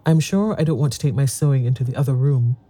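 A man voicing an impatient, sharp-tongued woman in a storybook reading, speaking briskly. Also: medium pitch, breathy edge, lightly acted. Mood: scolding. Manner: brisk, scolding.

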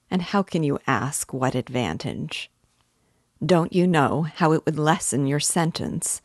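A woman's voice: low-pitched, no echo, studio quality. A woman reading the lines of a persuasive middle-aged male police investigator, in an insistent, fatherly manner.

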